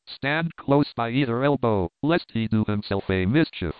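A man's voice: mid-range voice, lively intonation, normal speed, clear, resonant tone, no room sound, natural voice. A man reading the part of a wrathful medieval king in a stern, accusing manner. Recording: tinny narrow-band dry recording.

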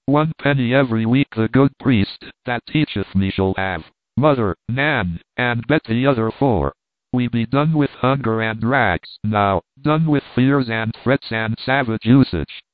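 A man's voice: mid-range voice, a little slow, dry recording, natural voice. Male narrator playing a wistful pauper boy turned king, old-fashioned speech; thin telephone-band sound. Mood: eager. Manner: archaic plaintive speech. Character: poor young boy made king, wistful. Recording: tinny phone-like dry recording.

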